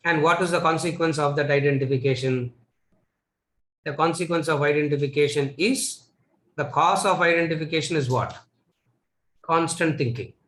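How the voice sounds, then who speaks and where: A man's voice: on the high side, normal speed, pauses often, fairly bright tone, echoey room, rough recording. A man with a Tamil-influenced Indian English accent gives a spiritual lecture. He repeats his key lines and asks the listeners rhetorical questions. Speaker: Vedanta teacher.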